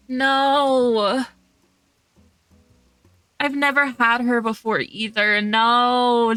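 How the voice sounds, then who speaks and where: A woman's voice: on the high side, little pitch movement, drawn-out words, pauses often, sharp tone, dry recording. A young woman streaming a cozy game, chatting casually, reading chat aloud and gushing over cute characters. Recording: dry close sound with faint game music.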